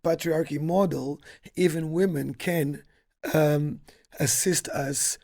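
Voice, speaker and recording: A man's voice: a little high, steady tone, slow, vocal fry, darkish tone. Thoughtful hesitant man explaining. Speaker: guest. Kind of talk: casual book discussion.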